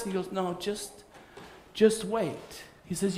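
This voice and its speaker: A man delivers a sermon to a gathered room, reading scripture and then animating the characters in it. His voice sits a little high and ranges expressively, and the recording carries a noticeable echo from the space. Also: slow. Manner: animated storytelling, acting out voices. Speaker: pastor. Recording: roomy echo.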